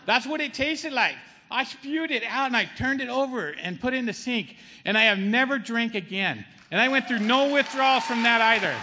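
A man's voice: very high voice, animated, normal speed, hardly any pauses, bright, forceful tone, big-room sound, some chatter behind, a little hiss or hum. A middle-aged man giving a spoken church testimony in a conversational way, often asking the audience "okay?" and calling them "man". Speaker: testimony speaker.

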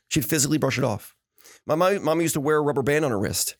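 A man's voice: fairly high pitch, quick pace, no room sound. A man hosting a motivational podcast, telling stories in an earnest, preachy way and often repeating words. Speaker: podcast host.

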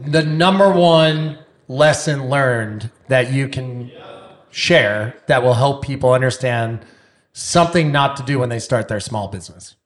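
A man's voice: mid-range voice, a little slow. Upbeat man hosting a podcast. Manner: upbeat, wraps up and plugs the guests. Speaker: podcast host. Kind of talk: casual interview chat.

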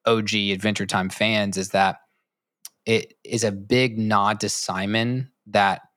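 Low-voiced man rambling enthusiastically. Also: fairly bright tone, dry recording, clean studio sound. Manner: rambling, enthusiastic, lots of fillers. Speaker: podcast co-host. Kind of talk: casual chat about a cartoon.

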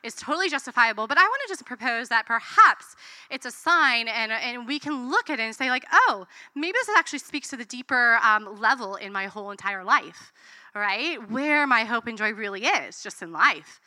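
A woman in her thirties, a mother preaching a sermon, telling lively stories and acting out what people said. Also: a little high, normal speed, no room sound. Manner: animated storytelling, acts out quotes.

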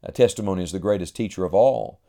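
A man's voice: low-pitched, fast talker, mellow. A man preaching a sermon in an emphatic, rhythmic cadence, reading scripture aloud between his points.

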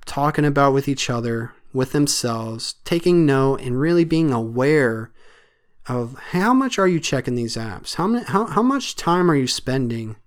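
A man's voice: mid-range voice, clean tone. A man hosting a solo podcast, talking in an earnest, rambling way with many fillers. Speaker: podcast host.

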